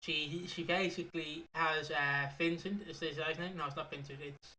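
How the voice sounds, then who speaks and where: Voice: medium pitch, fairly even intonation, normal speed, slight background noise. A podcast co-host, casually recapping a soap opera in a rambling, swearing chat. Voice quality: bright, rambling with fillers and swearing.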